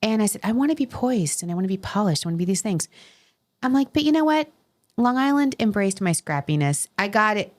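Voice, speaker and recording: Animated middle-aged New York woman. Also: medium pitch, quick pace. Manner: animated storyteller, quotes people in voices. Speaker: podcast host. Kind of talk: casual chat.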